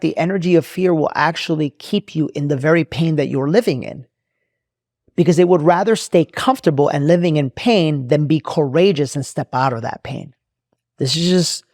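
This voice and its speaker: A man's voice: a little high, creaky, a little mellow, no echo, studio quality. A man hosting a show, telling a motivational story with emphasis, repeating his phrases and speaking straight to his listeners. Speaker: host.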